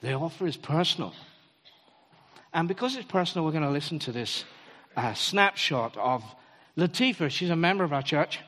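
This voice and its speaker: A man's voice: on the high side, moderate pace. Male preacher in a reverberant hall. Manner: animated storytelling, acts out quotes. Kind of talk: sermon. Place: church hall.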